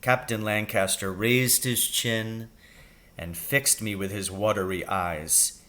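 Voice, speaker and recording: A man, a teacher, reading a storybook aloud in a slow, expressive way. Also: on the low side.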